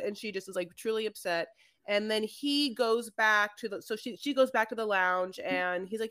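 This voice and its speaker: A woman's voice: medium pitch, normal speed, a bit bright, no echo. A woman co-hosting a podcast, rambling through a recap with lots of fillers. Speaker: podcast co-host. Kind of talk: casual recap chat.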